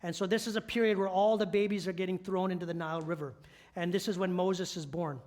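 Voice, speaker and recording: A middle-aged man, one of the church elders, delivers a sermon in a high-pitched, darkish voice, speaking fast with fairly even intonation. His style is conversational and story-driven, and he keeps posing rhetorical questions to the listeners.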